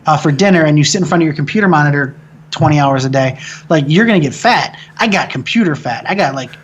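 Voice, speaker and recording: Profane animated American man telling a story. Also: fairly high pitch, fast, husky, muffled recording. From American Midwest. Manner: profane, animated, rambling with restarts. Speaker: film director being interviewed. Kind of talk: casual storytelling interview.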